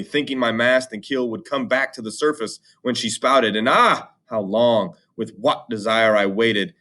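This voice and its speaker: Man reading an epic poem aloud. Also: medium pitch. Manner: plain steady reading, slangy when explaining. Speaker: reader and explainer of an epic poem. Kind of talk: reading aloud with casual explanation.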